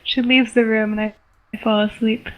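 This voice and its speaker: A young woman reading her homemade story aloud in a flat, stumbling way. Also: a little high, normal speed, rough recording. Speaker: story reader.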